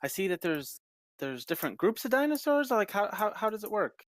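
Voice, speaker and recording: A man voicing an eager young half-elf daughter who pleads in a high, whiny voice. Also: big pitch swings, fairly quick, dry recording, clean studio sound. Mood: pleading.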